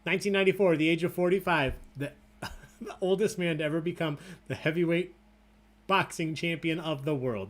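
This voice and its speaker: A man's voice: fairly high pitch, brisk. A young man hosting an online trivia game, chatty and easily sidetracked. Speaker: trivia host. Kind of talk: casual livestream trivia hosting.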